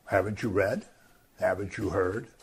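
A man teaching from the Bible in a lively, conversational way, acting out the crowd's voices. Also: low-pitched, a little slow, breathy edge. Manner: animated, acts out voices of the crowd. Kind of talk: scripture teaching.

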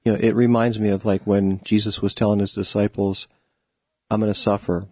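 A man co-hosting a Christian radio show, mostly agreeing briefly and adding his own quiet reflections. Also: lowish voice, little pitch movement, a little fast, no room sound. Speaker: radio co-host. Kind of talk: casual chat.

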